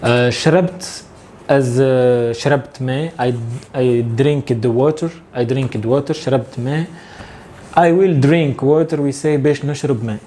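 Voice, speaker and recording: A man leads a casual language lesson in a warm, mellow voice. He talks in a relaxed, halting way, full of fillers and light chuckles. Faint noise sits under the recording. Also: mid-range voice. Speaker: Tunisian Arabic teacher.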